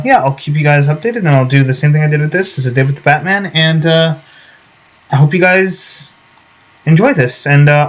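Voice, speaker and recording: A man's voice: mid-range voice, low-quality recording. A young man vlogging casually, rambling with many fillers and restarts. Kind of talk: casual vlog talk.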